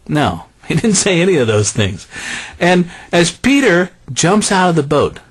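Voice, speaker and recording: A man preaching a sermon in an animated, conversational way, dropping soft and low on key phrases. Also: normal speed, breathy edge.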